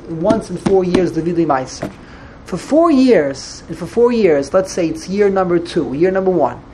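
A woman teaching a Torah lecture in an animated way, often stammering and restarting when excited, and dropping in many Hebrew and Yiddish terms. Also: on the low side, a little hiss or hum.

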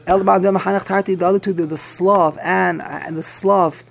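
A man's voice: sits high, steady tone, normal speed, vocal fry. A man teaching a Talmud class, repeating himself animatedly and mixing English with Hebrew and Yiddish terms.

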